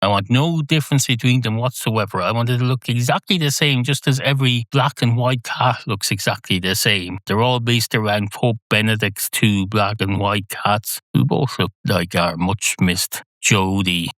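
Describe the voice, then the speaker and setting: A man's voice: fairly low pitch, normal speed, hardly any pauses, a bit bright, dry recording. A man hosting a podcast, telling a whimsical comic story in a rambling monologue. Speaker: podcast host.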